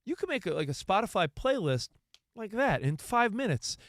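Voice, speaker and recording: A man co-hosting a sports talk show, playful and quick with questions for his partner. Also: sits high, very animated, no echo, studio quality. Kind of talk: casual sports radio banter.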